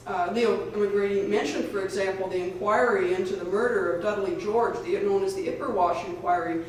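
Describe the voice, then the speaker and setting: A woman, a lawyer and advocate, gives an earnest, hurried public speech at an event, often restarting her sentences. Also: medium pitch. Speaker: lawyer and advocate speaking at a rally. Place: lecture hall at a public event. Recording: echoey hall, far from the mic, faint noise.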